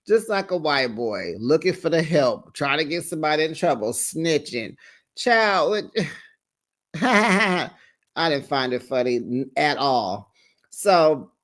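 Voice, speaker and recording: A man hosting a reality TV review channel from home at night, recapping an episode in a sassy, gossipy way full of slang. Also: on the high side. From United States. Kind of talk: casual commentary vlog.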